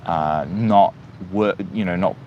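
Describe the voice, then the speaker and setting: A man from New Zealand with a softened accent, hosting a casual livestream and talking reflectively to viewers, often pausing and restarting his sentences. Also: low-pitched, highs cut off, a little hiss or hum. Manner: reflective, hesitant with many fillers and restarts. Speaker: livestream host.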